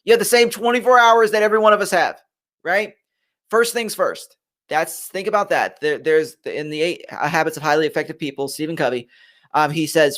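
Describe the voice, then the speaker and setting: High-voiced man giving a motivational live talk. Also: a little fast. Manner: animated, repeats key phrases, addresses viewers as guys. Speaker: host of a motivational live stream.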